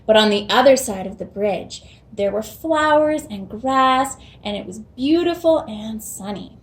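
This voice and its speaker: A woman reads a children's fairy tale aloud with slow, deliberate pacing. Her voice sits a bit on the higher side, with a gentle storytelling manner. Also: animated. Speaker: children's program host.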